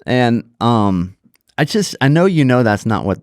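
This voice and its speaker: A man's voice: medium pitch, big pitch swings, unhurried, darkish tone, dry recording, studio quality. A man hosting a podcast in a teasing, joking way, often laughing as he talks. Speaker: podcast host. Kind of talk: casual podcast chat.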